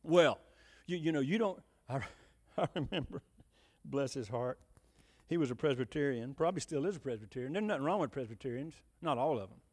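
A male preacher delivers a folksy sermon. His high voice swings widely in pitch as he drives home rhetorical questions. The delivery is emphatic and conversational. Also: expressive, fast, a little mellow, long reverb tail.

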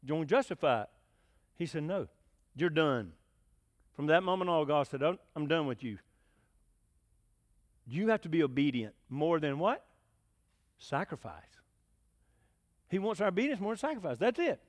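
A man's voice: fairly high pitch, very animated, moderate pace, pauses often. A man preaching a conversational sermon, folksy and often asking his listeners questions. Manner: folksy, asks the congregation questions, chuckles.

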